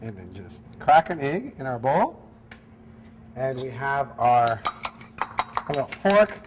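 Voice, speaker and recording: A man's voice: medium pitch, very animated, slow, noisy background. A man who is a chef, talking through a cooking demonstration in an upbeat, easygoing way. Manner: upbeat, easygoing, apologetic when teased. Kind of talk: cooking demo chat.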